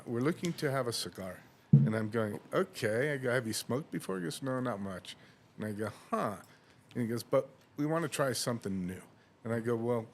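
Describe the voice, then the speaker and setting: A man's voice: fairly low pitch, a little mellow, slight background noise. A man on a podcast telling a long anecdote in casual chat, acting out dialogue and laughing often. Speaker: podcast host.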